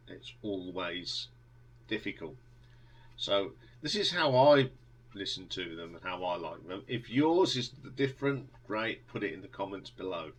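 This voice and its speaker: Man, very low voice, husky, rambling album review, lots of fillers. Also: fairly bright tone, rough recording. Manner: rambling, enthusiastic, many fillers and restarts. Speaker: music reviewer. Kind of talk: casual album review monologue.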